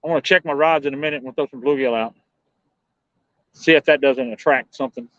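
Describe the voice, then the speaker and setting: A man hosting a night fishing livestream, chatting in a relaxed, rambling way, musing aloud and answering viewers. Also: medium pitch, fairly quick, dry recording. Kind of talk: casual live-stream chat. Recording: dull, dry lo-fi sound.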